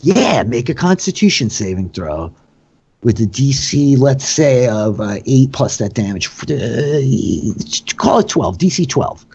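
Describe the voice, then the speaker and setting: A man narrating a tabletop game as game master, in a casual, rambling way with a slightly husky voice. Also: medium pitch, very animated, slow pace, a little mellow, highs cut off.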